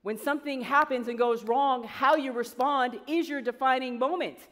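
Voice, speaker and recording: A woman coach giving an energetic motivational speech to students, talking conversationally and quizzing the audience. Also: high-pitched, normal speed. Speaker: coach and guest speaker. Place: large event hall with an audience. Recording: long hall reverb.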